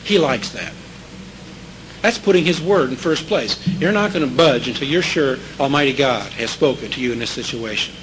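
A man's voice: medium pitch, normal speed, background noise. A man preaching a sermon in a conversational way, checking in with his listeners and repeating key scripture phrases for emphasis.

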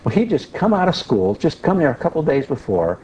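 A man giving a Christian teaching, telling a personal story in a folksy, animated way with frequent restarts. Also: fairly high pitch, brisk, slight background noise, rough recording. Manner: folksy, animated when retelling, restarts often. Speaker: Bible teacher.

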